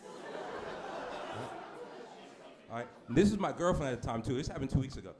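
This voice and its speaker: A man performing a brash stand-up comedy set on a club stage, with deadpan shock delivery and asides to the crowd. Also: mid-range voice, moderate pace. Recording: noisy live club recording. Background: audience laughter.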